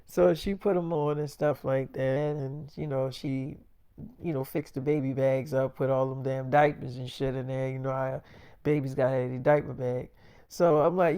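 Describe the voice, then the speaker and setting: A man's voice: medium pitch, fairly even intonation, moderate pace, dark tone, clear, resonant tone. A man telling a made-up first-person story in a loose, rambling, profane way. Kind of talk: freestyle role-play storytelling.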